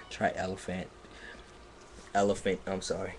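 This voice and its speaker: A man's voice: low-pitched, completely flat delivery, slow pace. A man giving a comedic dramatic reading of a text, exasperated and breaking off to mock it. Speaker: live streamer reading aloud. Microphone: computer microphone on a live stream.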